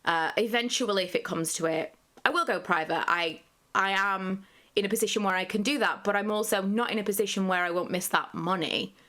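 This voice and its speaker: A woman's voice: medium pitch, fairly quick, pushed and bright. Candid rambling woman. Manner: candid, rambling, frequent fillers. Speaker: vlogger. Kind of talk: candid personal vlog talk.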